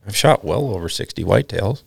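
Low, gravelly man telling stories. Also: animated, brisk, no room sound, studio quality. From Minnesota, USA. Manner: rambling, laughing storyteller full of "I mean" and "like". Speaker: podcast guest. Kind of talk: casual storytelling chat.

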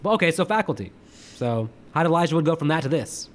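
A man's voice: on the high side, animated, quick pace. A man co-hosting a podcast, chatting about movies in a teasing, playful way with silly bits. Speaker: podcast co-host. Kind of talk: casual movie chat.

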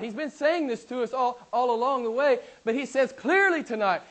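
A middle-aged man preaching a sermon, swinging between loud emphatic declarations and hushed, quiet asides. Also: very high-pitched, expressive, brisk, hardly any pauses. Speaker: pastor.

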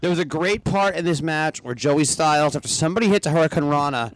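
A man's voice: fairly high pitch, fast, a little hiss or hum, low-quality recording. A man co-hosting a casual podcast, dropping short wisecracks. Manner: wisecracking interjections. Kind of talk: casual chat.

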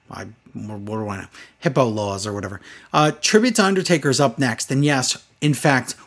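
A man's voice: mid-range voice, a bit bright. A man in casual chat, reviewing a wrestling show with sarcastic, exasperated commentary.

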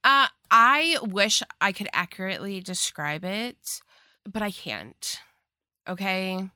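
A woman's voice: medium pitch, lively intonation, takes it slowly, bright, forceful tone, no echo. Blunt, joking woman. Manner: blunt, joking, heavy use of like. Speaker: podcast co-host. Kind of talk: casual chat.

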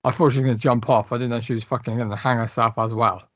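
A man's voice: medium pitch, steady tone, racing, a bit bright, no echo, muffled recording. A man chatting eagerly and swearing on a film podcast. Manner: enthusiastic, sweary. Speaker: podcast co-host. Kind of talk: casual film podcast chat.

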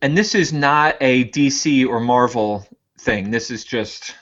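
A man co-hosting a podcast, chatting casually and telling jokey, animated stories. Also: medium pitch, unhurried, muffled recording. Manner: joking, animated storyteller. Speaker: podcast co-host. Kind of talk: casual chat.

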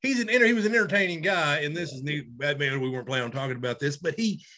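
A man, co-hosting a podcast in casual chat, animated and self-mocking. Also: a little high, rapid-fire. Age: 30s. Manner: animated, loud, self-mocking, laughs often. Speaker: podcast co-host.

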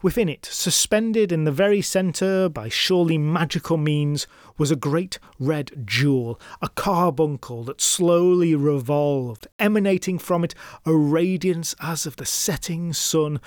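A man's voice: fairly high pitch, measured pace, darkish tone, no room sound, studio quality. A man narrating a folklore tale in scripted style, dramatic with wry asides to the listener. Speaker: storyteller host.

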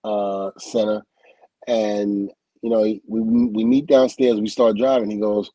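A man from the United States, a guest in an interview, telling a lively story full of acted-out quotes and laughs. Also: lowish voice, measured pace, gravelly, no echo, low-quality recording. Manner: animated storyteller who acts out quotes and laughs often. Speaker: interview guest, former wrestler.

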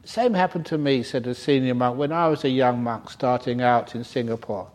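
A man's voice: medium pitch, normal speed, darkish tone, lightly acted. A man voicing a sly senior male monk giving tongue-in-cheek advice, close to his own voice.

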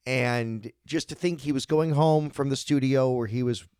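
A man's voice: medium pitch, normal speed, darkish tone, clear, resonant tone, no echo, clean studio sound. Blunt, candid man in casual chat. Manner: blunt, candid, jokey, with occasional swearing. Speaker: podcast co-host.

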